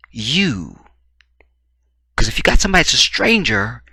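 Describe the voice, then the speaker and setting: A man's voice: medium pitch, moderate pace, vocal fry, breathy edge, no echo. Emphatic man in blunt crime commentary. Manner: emphatic, animated, blunt and profane. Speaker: commentary vlogger. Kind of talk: opinionated true-crime commentary.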